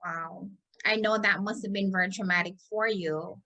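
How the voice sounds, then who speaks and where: A woman hosting an interview, asking calm, gentle questions. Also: medium pitch, normal speed, dull audio. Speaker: interview host.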